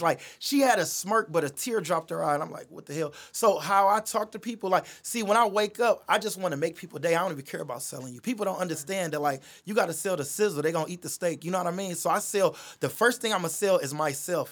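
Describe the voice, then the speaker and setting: A young adult man, a podcast guest, telling a personal story in casual chat, animated and full of fillers. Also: high voice, fast talker, few pauses, slightly rough. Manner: animated, lots of "you know what I mean" fillers.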